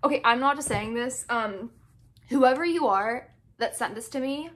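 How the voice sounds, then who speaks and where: A woman's voice: on the high side, moderate pace. A young woman opening fan mail in a casual vlog, gushing and breathless and saying "oh my gosh" again and again.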